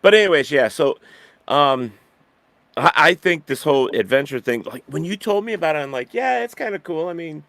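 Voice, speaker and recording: A man's voice: a little high, animated, normal speed, fairly bright tone, dry recording. A man in casual chat who rambles with restarts and laughs easily.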